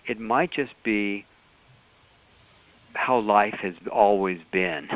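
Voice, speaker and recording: A man's voice: on the low side, slow pace, dry recording. Man teaching over a thin call line. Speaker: workshop teacher. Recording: phone-like call audio.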